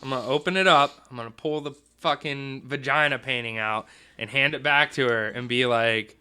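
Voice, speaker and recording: Guy player in a tabletop game, bright crisp voice, giggly and eager. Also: medium pitch, normal speed. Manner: giggly, eager, describing actions.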